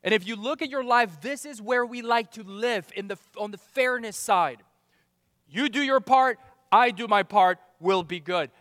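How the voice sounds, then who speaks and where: A man with a high, ringing voice delivers a sermon, pressing his points with questions and sudden drops to near-quiet. The close sound has a long hall reverb trailing behind it. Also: normal speed. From outside America. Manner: emphatic, rising and falling, rhetorical questions. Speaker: pastor.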